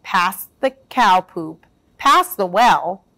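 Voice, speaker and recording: A woman reading a children's storybook aloud as storyteller, expressive and sing-song. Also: medium pitch, slow pace.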